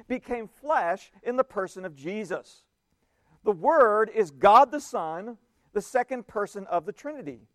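A man preaching a sermon, reading scripture aloud slowly and with emphasis. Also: sits high, no room sound, studio quality.

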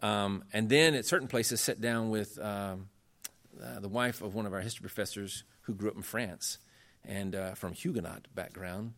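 A man's voice: moderate pace, fairly bright tone. A man giving a lecture on church history, earnest and emphatic, talking in a conversational way and pushing his voice up to stress points. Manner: earnest, emphatic, rising in pitch when making points; conversational with frequent fillers.

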